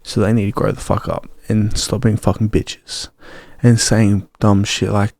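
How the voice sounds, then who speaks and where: Young man ranting, gravelly voice. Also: fairly low pitch, little pitch movement, a little slow, a little mellow, no echo, studio quality. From Australia. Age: young adult. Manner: heated, swearing, ranting. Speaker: vlogger. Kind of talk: ranting personal vlog.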